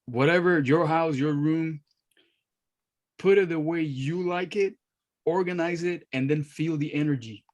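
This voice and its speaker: A man from Miami, a guest on a podcast, explaining his views calmly and earnestly over a video call. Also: on the high side, measured pace. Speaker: guest astrologer. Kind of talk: casual podcast conversation.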